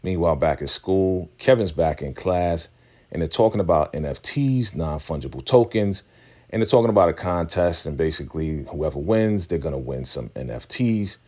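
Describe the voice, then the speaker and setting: A man's voice: sits low, animated, moderate pace, a little mellow. A man casually recapping a TV episode, retelling scenes in a loose, conversational way and paraphrasing what the characters say. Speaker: TV recap vlogger.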